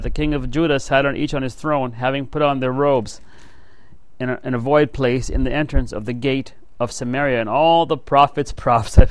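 Male Bible teacher, mid-pitched, reads verses and then riffs casually, dry close sound. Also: a little mellow, no room sound, poor audio. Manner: reads scripture then comments conversationally; frequent "you know" and "right?" asides.

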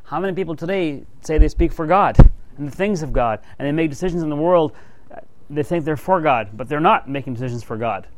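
A man's voice: fairly high pitch, animated, brisk, low-quality recording. A man teaching a Bible study, reading scripture aloud and then commenting in a casual, conversational way with frequent asides to his listeners. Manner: frequent "you know" and "right?" asides.

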